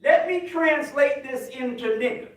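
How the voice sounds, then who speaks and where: In a hall full of echo, with the microphone well away from him, a high-voiced American minister preaches at a slow, measured pace. He calls out to his flock in call-and-response fashion, his emphasis mounting into shouts.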